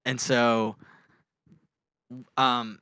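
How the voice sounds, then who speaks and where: A young man co-hosting a podcast, telling a story in a casual, animated way and acting out quoted shouts. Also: mid-range voice, drawn-out words, smooth, no room sound, clean studio sound. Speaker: podcast co-host.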